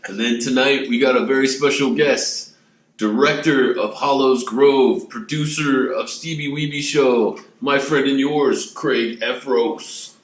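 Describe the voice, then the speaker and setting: A man hosts a relaxed podcast from an echoey room, his voice sitting at an ordinary middle pitch. He keeps things loose and jokey and laughs often between his lines. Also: unhurried. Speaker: podcast host. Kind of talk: casual podcast chat.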